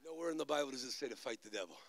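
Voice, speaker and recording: A man preaching a charismatic sermon, swinging between loud exhortation and low, quick storytelling. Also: expressive.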